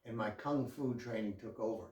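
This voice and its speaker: Profane, animated man telling a story. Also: medium pitch, brisk, roomy sound, far from the mic. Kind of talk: casual storytelling.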